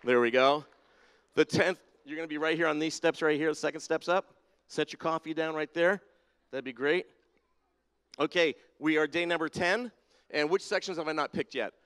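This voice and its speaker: Some chatter sounds behind a man whose fairly high voice is clear, resonant and a bit bright, delivered at normal speed. He leads a playful audience-participation segment in a large church sanctuary with a balcony and spotlights, teasing people and calling them down by name, under a big hall's long reverb.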